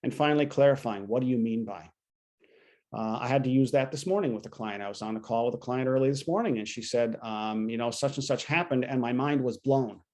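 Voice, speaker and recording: A man leads a coaching session over a video call, talking in a plain conversational way and slipping into short quoted lines from clients. His voice sits at an ordinary middle pitch for a man. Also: fairly quick, a little mellow. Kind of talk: teaching a training session.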